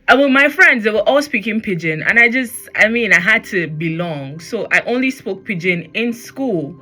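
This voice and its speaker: A woman's voice: expressive, normal speed, hardly any pauses, bright, forceful tone, soft background music. A young Nigerian woman with a Nigerian accent, chatting on her own podcast and slipping into Pidgin as she acts out what people said. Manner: chatty, switching into Pidgin, acting out quotes in a high voice. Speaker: podcast host. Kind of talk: personal podcast monologue.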